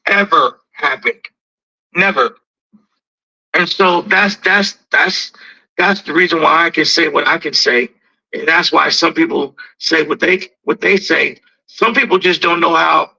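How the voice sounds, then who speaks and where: A dog breeder with a high, gravelly voice talks casually, repeating himself, restarting, and acting out quoted exchanges. The audio is bright yet dull and lo-fi.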